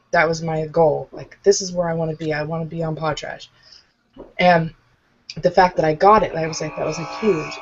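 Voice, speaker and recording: A woman co-hosting a podcast, telling stories in casual banter, swearing often and laughing. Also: fairly low pitch. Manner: profane, laughing storyteller. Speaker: podcast co-host. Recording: dull lo-fi audio.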